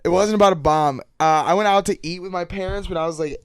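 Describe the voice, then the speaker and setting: Young guy on a podcast rambling through a story, smooth voice, dry close mic. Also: high voice, quick pace, dry recording. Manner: rambling, full of likes. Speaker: podcast co-host. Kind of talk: casual chat.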